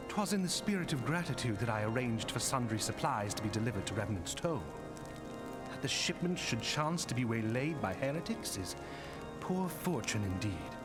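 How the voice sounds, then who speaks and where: Courteous knight lord, animated delivery, music under. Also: male voice, on the high side. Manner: formal, gracious. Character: courteous male knight lord, gracious and formal.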